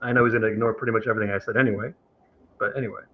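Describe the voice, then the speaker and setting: A man with a steady tone talks very fast as he calls into a live-streamed show for a heated debate. He sounds aggrieved and preachy, imitating the people he quotes in a higher voice, over dull lo-fi stream audio.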